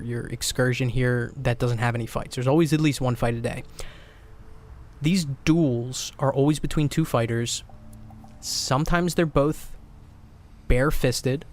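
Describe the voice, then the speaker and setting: A man running a tabletop game as game master, describing fights and calling for dice rolls in a relaxed way with fillers. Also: medium pitch.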